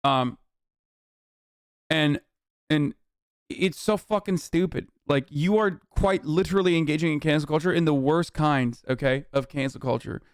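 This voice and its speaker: A man's voice: on the high side, moderate pace, smooth, dry recording. A man streaming reaction commentary, ranting in a heated, profane and sarcastic way into a close mic. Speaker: live streamer.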